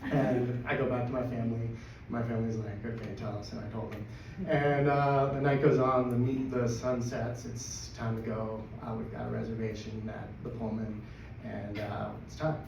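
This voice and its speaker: Excitable man telling a story in an echoey room. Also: mid-range voice, normal speed, creaky. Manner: excitable, laughs through his story. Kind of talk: live personal storytelling. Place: storytelling event venue. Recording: echoey, distant, dull live recording with noise.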